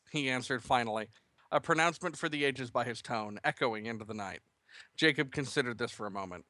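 Animated man reading a comic story. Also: medium pitch, brisk, no room sound. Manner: animated, laughing often. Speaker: podcast co-host and writer. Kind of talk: casual chat and story reading.

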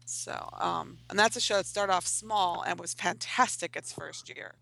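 Gravelly, bright-voiced comic artist chatting. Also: female voice, lowish voice, unhurried, no echo, rough recording. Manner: rambling, self-mocking, swears casually. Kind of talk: casual panel chat.

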